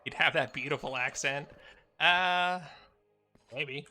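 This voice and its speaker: On a casual game stream, this American man speaks slowly in a fairly high, sharp-toned voice. He wanders from topic to topic with his viewers, replies to chat, and murmurs little asides while playing.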